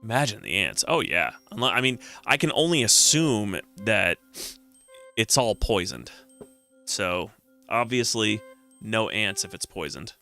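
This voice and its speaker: A man's voice: fairly low pitch, sing-song, a little slow, creaky, bright, forceful tone, faint music behind. A man streaming a retro video game, chatting casually, joking, and reading the on-screen text aloud. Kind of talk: casual let's-play commentary.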